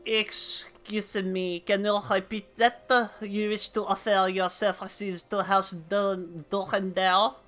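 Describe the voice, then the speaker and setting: A woman's voice: medium pitch, level tone, slow, few pauses, a bit bright, faint music behind. A woman voicing a disdainful aristocratic noble with a put-on French accent. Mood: haughty. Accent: mock French. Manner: snooty, disdainful.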